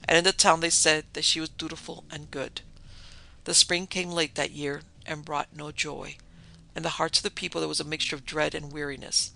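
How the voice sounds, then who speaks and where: A man narrating a dark story in a measured, dramatic way. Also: on the high side, level tone, gravelly, low-quality recording.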